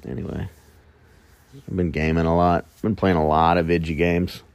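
Low-voiced man rambling casually. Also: level tone, normal speed, pauses often, darkish tone, clear, resonant tone, no room sound. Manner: rambling, self-mocking, jokey asides. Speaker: podcast host. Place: at home early morning.

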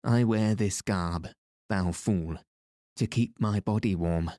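A man's voice: fairly low pitch, slow pace, no room sound, studio quality. A man voicing a grim, fierce male outlaw with a harsh, threatening way of speaking in a storybook reading. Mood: scornful. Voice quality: harsh, loud. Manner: threatening, sour.

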